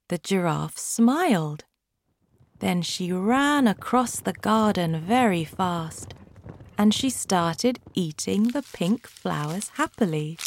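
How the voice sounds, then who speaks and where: A woman reading a simple storybook aloud for learners, with clear, deliberate delivery. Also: lowish voice, lively intonation, no echo, studio quality. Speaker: audiobook reader. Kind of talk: graded-reader storybook narration.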